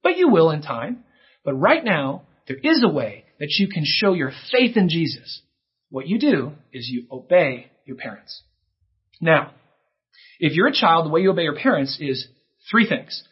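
A man preaching a sermon to children, animated and acting out kids' replies in a higher voice. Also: moderate pace, husky. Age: adult. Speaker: pastor. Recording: dull lo-fi recording.

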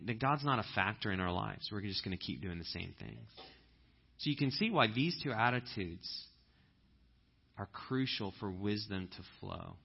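A man preaching a conversational sermon, telling stories and breaking into loud animated impressions. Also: fairly low pitch, vocal fry, husky, muffled recording. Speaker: pastor.

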